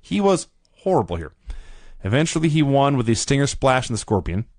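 A man co-hosting a podcast, reviewing old wrestling in casual, wry, animated chat. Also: mid-range voice, brisk, no room sound. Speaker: podcast co-host.

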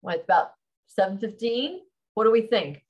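A woman's voice: a little high, normal speed, low-quality recording. Woman author reading her novel aloud. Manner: calm, steady reading; chatty sign-off. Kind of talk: live-streamed book reading.

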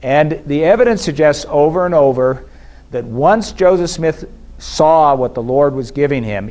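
A man giving a measured, explanatory academic lecture at a conference, pausing now and then with fillers and restarts. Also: medium pitch, a little mellow. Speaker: scholar giving a conference presentation. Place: conference hall.

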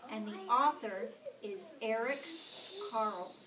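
Slow, expressive woman storyteller. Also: a little high, crowd noise. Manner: slow and expressive, asking the children questions. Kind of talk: reading a picture book aloud to kindergartners. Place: classroom. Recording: echoey classroom from far off.

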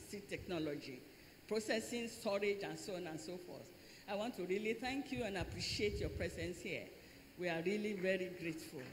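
An older woman, a professor, making an earnest comment from the audience with some fillers. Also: mid-range voice. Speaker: professor asking a question. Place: large lecture hall. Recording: echoey hall, faint noise.

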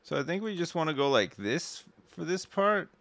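British male streamer, sweary, dry sarcastic banter, lively swooping pitch. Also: normal speed, vocal fry. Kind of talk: casual live game commentary.

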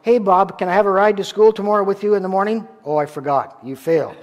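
A man's voice: high-pitched, fairly quick, muffled recording, close to an everyday voice. A man mimicking his mocking, teasing teenage siblings in a sermon story, in a reverberant church.

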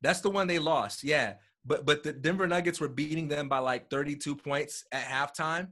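A man talking as a guest in a casual conversation, animated and acting out quotes as he tells a story, heard over a video call. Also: a little high, moderate pace. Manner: animated storyteller, acts out quotes, repeats words.

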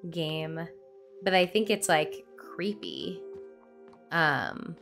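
A woman's voice: low-pitched, very animated, extremely slow, creaky, pauses often, fairly bright tone, soft background music. A young woman streamer reacting playfully while playing a story game, slipping into silly voices. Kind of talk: let's play commentary.

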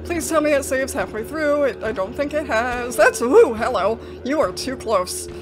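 A young woman hosting a gaming video plays a horror game and talks through it, jittery and panicky, slipping into nervous laughter. Her voice sits high and animated at a normal speed, with game music behind her.

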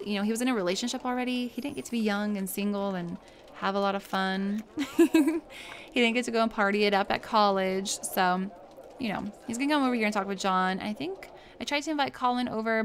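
A woman's voice: medium pitch, slight background noise. A woman giving casual, chatty commentary over a life-sim game, laughing often and gushing over the family she plays. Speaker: gameplay streamer.

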